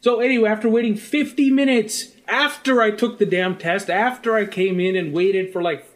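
A man's voice: high-pitched, normal speed, hardly any pauses. A man co-hosting a podcast, telling an annoyed story in a casual, profane rant. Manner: animated, profane ranting storyteller. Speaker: podcast co-host. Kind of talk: casual chat.

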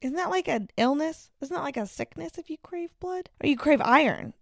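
A young woman co-hosting a podcast, asking quick curious questions and reading out the show's links. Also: sits high, expressive, vocal fry, a bit bright, no echo, clean studio sound. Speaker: podcast co-host. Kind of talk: casual chat.

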